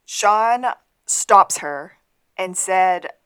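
A woman with a fairly low voice talks casually on a podcast. She gets lively as she recaps scenes and acts out quoted lines. Her tone is chatty and easygoing. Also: takes it slowly, clean tone. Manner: animated retelling, acting out quotes. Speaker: podcast co-host.

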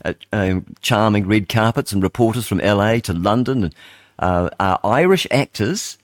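A man's voice: on the low side, animated, normal speed, dry recording, studio quality. Rambling New radio host, older man. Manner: rambling, chatty, thinks aloud. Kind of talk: casual radio chat, reading headlines aloud. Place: radio studio.

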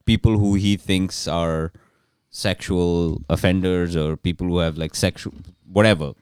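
Low-voiced man telling a rambling story. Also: fairly even intonation, measured pace, a little mellow, clear, resonant tone, no echo, studio quality. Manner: rambling, restarts, crude jokes. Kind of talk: casual storytelling chat.

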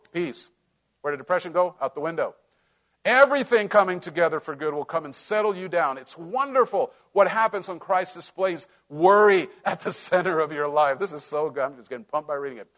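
A man preaching a sermon as pastor, animated and conversational, laughing and swinging between loud and soft. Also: on the high side, brisk.

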